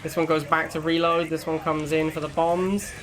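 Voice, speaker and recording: A man's voice: a little high, flat delivery, normal speed, a bit bright, faint music behind. A young man casually commentating a strategy game match, chatty and laughing at his own jokes. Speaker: gaming channel host. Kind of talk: live gameplay commentary.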